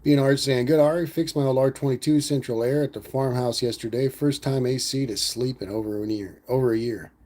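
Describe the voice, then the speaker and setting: A man chats through a casual livestream, reading viewers' comments aloud and answering at an easy pace. His voice sits at an everyday pitch, and his manner is relaxed and rambling, with "man" tossed in often. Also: brisk, few pauses. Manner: laid-back, rambling, says "man" a lot. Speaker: livestream host reading chat.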